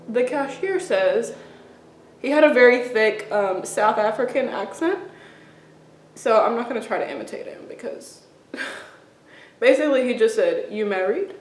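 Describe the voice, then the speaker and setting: A woman's voice: a little high, fairly bright tone. Chatty young woman, roomy echo. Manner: chatty, rambling, laughs through her stories. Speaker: beauty vlogger. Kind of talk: casual storytelling while doing makeup.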